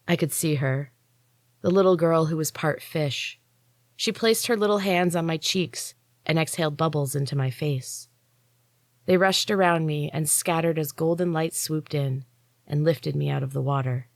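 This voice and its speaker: Woman storyteller, low voice, measured expressive audiobook narration, dry recording. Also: vocal fry, dry recording. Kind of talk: audiobook reading.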